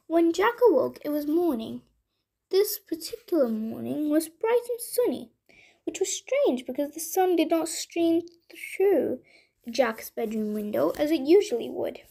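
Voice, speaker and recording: A woman reading a bedtime story aloud in a gentle, unhurried way. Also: high voice, vocal fry.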